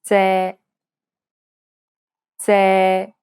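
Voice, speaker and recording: A woman modeling single syllables for learners, speaking deliberately. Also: mid-range voice, completely flat delivery, a little mellow, clear, resonant tone, no echo. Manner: deliberate, measured. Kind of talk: slow drilled syllables.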